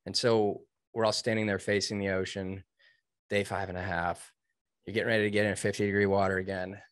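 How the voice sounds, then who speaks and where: A Navy veteran in his thirties, appearing as an interview guest, tells a personal story earnestly and emphatically, quoting himself and others. His lowish voice has little pitch movement and a brisk, clear, resonant tone. The recording is dry and studio quality.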